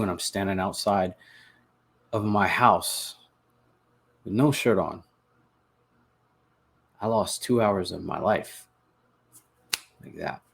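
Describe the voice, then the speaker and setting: A man with a low, gravelly voice that turns husky at the edges. He narrates his own story in a confessional way, earnest and halting. He repeats words and restarts his sentences as he goes. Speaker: podcast host telling his recovery story.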